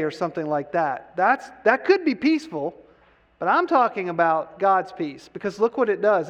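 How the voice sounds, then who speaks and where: A man preaching a sermon, asking the listeners questions and having them answer out loud, rising high on key words and then dropping low and soft. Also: big-room sound, highs cut off. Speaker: pastor.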